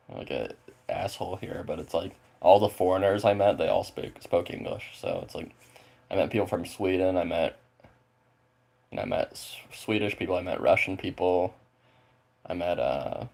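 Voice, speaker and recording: A man with a very low voice and plenty of gravelly fry at the bottom of it. He talks casually with his viewers in a loose, rambling way, leaning on filler words and tossing in swear words without a thought. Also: expressive, normal speed, long pauses, darkish tone. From Spokane, Washington, USA. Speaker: streamer chatting with viewers. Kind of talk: casual chat.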